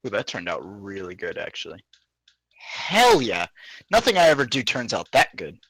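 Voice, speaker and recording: A man's voice: fairly low pitch, very animated, moderate pace, fairly bright tone, dry recording. A man from the American South, chatting crudely on a voice call and bursting into laughter. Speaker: friend on voice chat. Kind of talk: casual chat on voice call.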